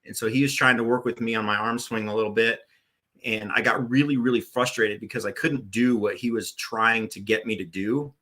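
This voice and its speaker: A man's voice: medium pitch, steady tone, brisk, pushed and bright. A man in his forties, a podcast guest, telling stories in a loose, rambling way with plenty of restarts. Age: 40s. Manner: rambling, many restarts and "uh" fillers. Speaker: podcast guest, former bowling tournament director. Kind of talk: casual storytelling interview.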